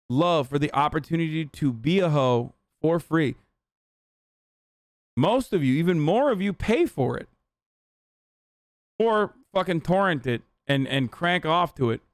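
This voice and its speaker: A man's voice: on the high side, dry recording. A young man ranting in profane, casual commentary, talking straight to his live-stream chat. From Turkey. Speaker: streamer reacting to a video.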